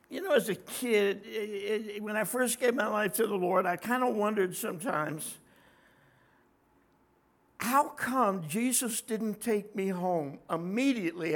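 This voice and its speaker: High-pitched raspy middle-aged male preacher. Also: fairly bright tone. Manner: conversational preaching, questions to the congregation. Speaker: pastor. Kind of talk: sermon.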